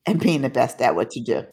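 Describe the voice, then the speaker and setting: A woman's voice: extremely low pitch, sing-song, moderate pace, dark tone, husky. A woman hosting an interview, encouraging her guest. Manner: encouraging, affirming. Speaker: interviewer host. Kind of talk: casual interview conversation.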